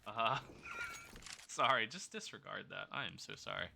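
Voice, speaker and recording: A man casting an esports match on his own, his voice very bright and cutting even though his throat is sore. He calls the action in quick play-by-play bursts, fixes his own slips and chats with viewers between rounds. A faint noise sits under his home mic. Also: fairly low pitch, vocal fry. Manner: rapid play-by-play with self-corrections and chat banter. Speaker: esports caster. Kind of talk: solo play-by-play commentary, chatting with live chat.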